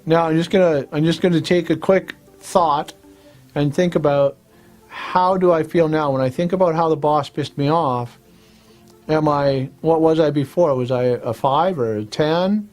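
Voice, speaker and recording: A man hosting a self-help lesson, talking viewers through tapping points and repeating short affirmation phrases in a relaxed, plain-spoken way. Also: fairly high pitch, unhurried, faint music behind. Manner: repetitive instructional talk with affirmation phrases. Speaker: host and tapping practitioner.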